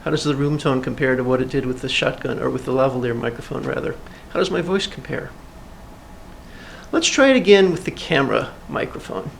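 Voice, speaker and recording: A man who teaches video production gives a plain, methodical classroom demonstration, asking the viewer questions in a brisk, creaky mid-range voice with lively intonation. Lavalier, shotgun and camera mics pick him up at varying distances, so the sound shifts, with faint room noise, an air conditioning hum and a light cooling fan behind him.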